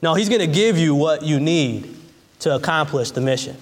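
A man's voice: on the high side, lively intonation, normal speed. A man preaching a sermon with fervent, repetitive phrasing and casual asides, recorded in a church. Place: church in a large hall. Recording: long church hall reverb.

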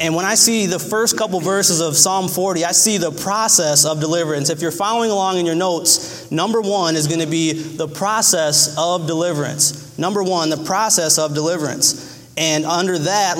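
A man's voice: normal speed, a bit bright, big-room sound. A man preaching a sermon in an earnest way, often repeating his phrases. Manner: earnest, repeats phrases, acts out cries in a high voice.

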